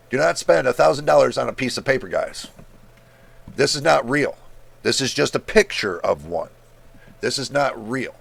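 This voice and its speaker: A man's voice: medium pitch, animated, normal speed, vocal fry, dry recording. A man in a casual, exasperated rant as a tech video host, blunt and incredulous, swearing freely. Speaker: tech YouTuber. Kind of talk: casual screen-share rant.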